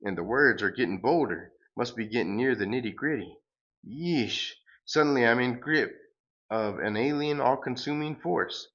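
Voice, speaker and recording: A man voicing a goofy, boastful male space surfer hero who talks in an excitable, mock-heroic way. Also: medium pitch, normal speed, highs cut off.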